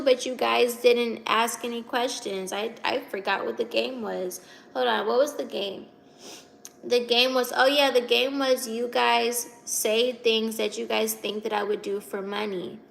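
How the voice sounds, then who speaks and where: A woman's voice: fairly high pitch, steady tone, normal speed, vocal fry, fairly bright tone. A young woman from Virginia hosting a casual livestream, chatty and giggly as she reads out and answers comments. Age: 20s. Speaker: livestream host reading chat.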